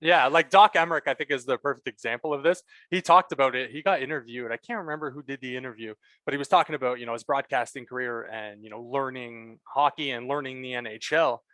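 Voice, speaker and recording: A man co-hosting a casual sports podcast, chatting with quick, emphatic, blunt opinions. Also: medium pitch, pushed and bright, no echo. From Canada. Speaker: podcast co-host.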